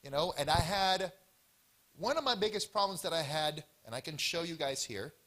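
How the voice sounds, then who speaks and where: A man's voice: a little high, normal speed. A man giving an informal health seminar talk at a church event, storytelling with lots of expression and acted-out bits. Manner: animated storytelling with acted-out voices.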